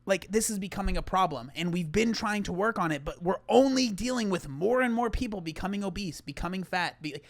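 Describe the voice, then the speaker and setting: A man's voice: high-pitched, lively intonation, fairly quick, hardly any pauses. A young man giving casual reaction commentary, rambling with lots of filler words and restarts. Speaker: YouTuber reacting to his TV appearance.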